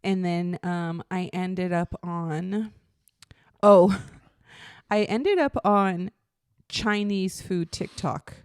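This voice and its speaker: A woman's voice: mid-range voice, darkish tone, no echo, studio quality. A woman co-hosting a podcast in casual chat, telling stories in a chatty way and swearing casually. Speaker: podcast co-host.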